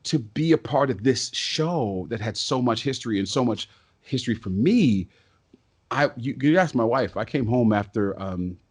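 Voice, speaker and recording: A man, a stage and voice actor, telling stories as a podcast guest in an excitable, talkative way. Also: mid-range voice, breathy edge. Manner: talkative and excitable, quick bursts and restarts. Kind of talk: casual podcast interview storytelling.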